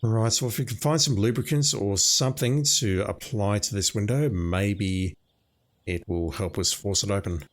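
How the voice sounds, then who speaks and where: Low-voiced man musing over a game. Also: moderate pace. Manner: musing, thinking aloud. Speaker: let's play commentator. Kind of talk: casual gameplay commentary.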